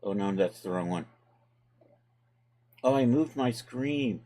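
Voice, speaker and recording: A man's voice: medium pitch, slow pace. A man hosting a live tutorial stream, talking casually to his chat as he works through steps and thinks aloud. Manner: relaxed, chatty, talks to chat while working. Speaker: livestream host and 3D software tutor.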